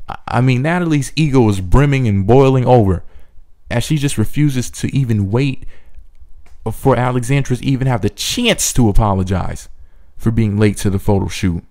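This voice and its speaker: Brief: male recap commentator, snarky and sarcastic, mellow dark tone. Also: mid-range voice, normal speed. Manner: sarcastic, mocking asides.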